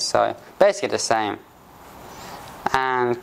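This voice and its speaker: A man teaching English phrases to learners, patiently repeating examples slowly and restarting often. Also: mid-range voice, lively intonation, gravelly. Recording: faint background noise.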